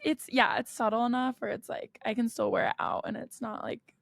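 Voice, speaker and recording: Brief: young American woman, podcast co-host, chatty and giggly, fry-heavy voice, close dry mic. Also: a little high, flat delivery, a little fast, no echo. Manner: chatty storyteller, frequent laughs and "like" fillers. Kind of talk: casual chat.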